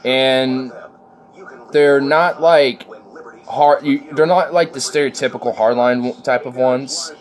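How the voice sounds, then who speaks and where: A man's voice: medium pitch, fairly even intonation, takes it slowly. A man chatting casually with viewers on a live stream, rambling, with many fillers and restarts. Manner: rambling, filler-heavy, laughs often.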